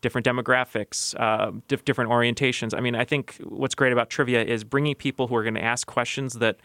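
A man's voice: medium pitch, steady tone, fast, a bit bright, no room sound. A man, a podcast host, answering interview questions in a radio studio, earnest and thoughtful with many fillers and restarts.

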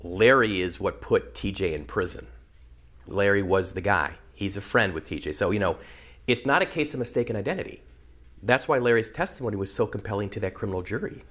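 A man with a fairly low voice speaks deliberately and makes pointed arguments. He lets his questions land with weight. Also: animated, fairly bright tone. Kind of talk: interview and questioning.

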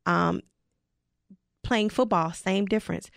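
A woman who is a high school football head coach, talking passionately and emphatically in an interview. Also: fairly even intonation, takes it slowly, gravelly, no room sound, studio quality. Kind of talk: casual interview talk.

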